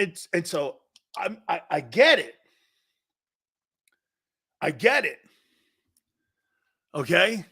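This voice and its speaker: Middle-aged guy doing sports talk, slow and rambling, voice bounces all over, laughs a lot. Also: high-pitched. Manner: animated, laughs often, rambling asides. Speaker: sports talk show host. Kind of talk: casual live-stream talk reading viewer comments.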